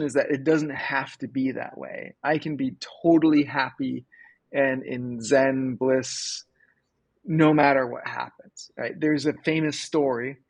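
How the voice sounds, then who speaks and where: A man's voice: mid-range voice, husky, no room sound. A man hosting a live coaching call, chatting casually and telling stories with acted-out quotes. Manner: animated storyteller, acts out quoted voices. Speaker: host and business coach.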